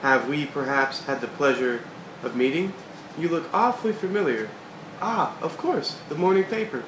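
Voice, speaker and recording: A man's voice: fairly high pitch, animated, normal speed, lightly acted. A man voicing a polite, formal male toy nutcracker soldier who speaks courteously. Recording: echoey room with background hiss.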